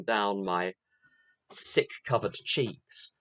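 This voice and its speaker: A man's voice: fairly low pitch, drawn-out words, fairly bright tone, no room sound. An older man giving a candid, self-mocking recovery talk, telling his story with rhythmic repeated phrases. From England. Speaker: AA speaker. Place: meeting room.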